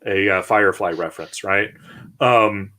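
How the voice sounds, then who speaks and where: A man's voice: fairly low pitch, moderate pace, bright, forceful tone. A man hosting a casual political discussion, talking bluntly with many fillers and false starts. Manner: rambling, blunt, frequent restarts and fillers. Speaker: podcast host.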